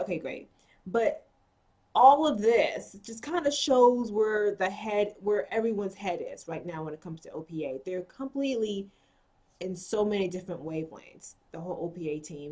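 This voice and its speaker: A woman's voice: mid-range voice, a bit bright. A woman giving a casual recap of a TV episode, chatty and full of "you know" asides as she quotes the characters. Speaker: TV episode reviewer.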